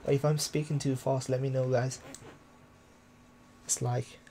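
A young man from the UK chatting casually and quietly with viewers during a game live stream, recorded on a desktop microphone at home. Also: medium pitch, level tone, a little slow, a little hiss or hum. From United Kingdom. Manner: talks quietly to keep from waking neighbors at night. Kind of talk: casual live-stream chat while playing. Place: room at home, early morning. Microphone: desktop USB microphone.

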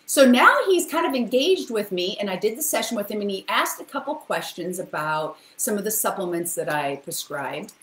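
A woman's voice: medium pitch, big pitch swings, normal speed, few pauses, a bit bright, a little hiss or hum. A woman giving a motivational talk, telling emotional stories and acting out quotes with big jumps in her voice. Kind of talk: motivational storytelling. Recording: echoey room.

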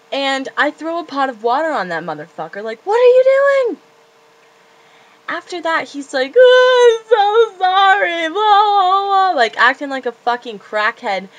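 A woman's voice: fairly high pitch, fairly bright tone, rough recording. Profane, rambling teenage woman vlogging. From Florida. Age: late teens. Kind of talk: confessional casual rant. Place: her bedroom.

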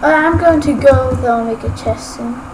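A woman's voice: high-pitched, moderate pace. A woman giving rambling, casual gameplay commentary as a Let's Play gamer, often ranting at haters. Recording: noisy homemade recording.

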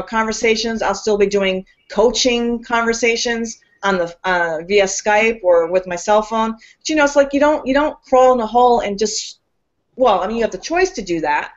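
A woman's voice: fairly high pitch, dull audio. Woman host in loose, emphatic chat. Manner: emphatic, philosophical, talks in long loose runs. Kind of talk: casual conversational talk.

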